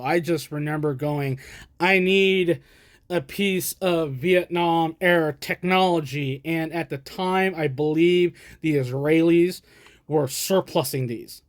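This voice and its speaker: A man's voice: on the high side, dry recording, clean studio sound. An American man from the States rambling casually as he shows off his vintage equipment, with chatty self-deprecating asides. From United States. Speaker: collector showing vintage gear. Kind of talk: casual show-and-tell. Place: indoors, at a camera stand.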